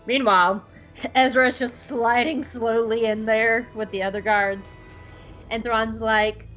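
A woman's voice: on the high side, steady tone, measured pace, fairly bright tone, dull audio, faint music behind. A young woman hosting a podcast, chatting casually and giggly through an episode recap. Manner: chatty, giggly, lots of fillers. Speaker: podcast host.

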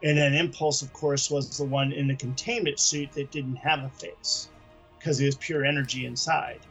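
A man co-hosts a comics podcast, chatting casually and rambling through his points with frequent restarts. His mid-range voice is fairly bright with fairly even intonation and normal speed, and soft music plays in the background.

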